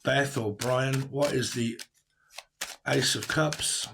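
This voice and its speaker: A man's voice: mid-range voice, steady tone, slow, creaky, background noise. A man giving a casual tarot reading to camera, blunt and rambling, who swears and laughs often. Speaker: tarot reader.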